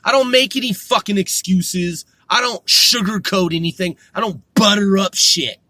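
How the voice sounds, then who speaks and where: Profane ranting man, bright tense voice, dry close sound, slow delivery. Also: sits high, no echo. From United States. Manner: profane, combative, shouting bursts. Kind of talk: ranting monologue to camera.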